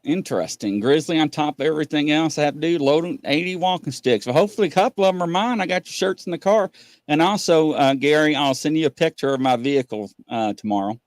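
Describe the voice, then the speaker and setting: A man's voice: fairly high pitch, quick pace, dry recording. A man hosting a live call-in stream, chatting in a rambling, folksy way and reading viewers' questions aloud. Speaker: host of a live call-in show. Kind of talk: casual live-stream chat.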